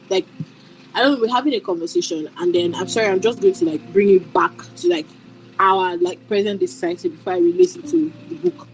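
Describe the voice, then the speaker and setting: A woman's voice: mid-range voice, darkish tone, poor audio. Hesitant woman full of fillers. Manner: hesitant, filler-heavy, apologetic. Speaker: book club member. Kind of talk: casual discussion.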